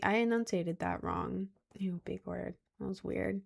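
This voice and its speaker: A woman's voice: mid-range voice, fairly even intonation, unhurried, creaky, darkish tone, slightly rough. A young woman streaming and reading her chat, giggly and rambling, full of slang and self-conscious asides. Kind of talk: casual live-stream chat.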